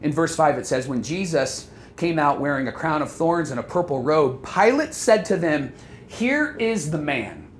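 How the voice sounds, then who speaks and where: A man's voice: a little high, expressive, normal speed, slight background noise. A man preaching a sermon, talking earnestly and putting direct questions to the listeners. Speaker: pastor.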